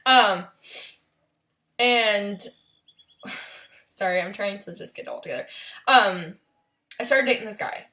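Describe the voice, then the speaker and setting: A young woman telling a painful personal story in a vlog, halting and emotional, with many pauses and fillers. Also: medium pitch, sharp tone. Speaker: vlogger.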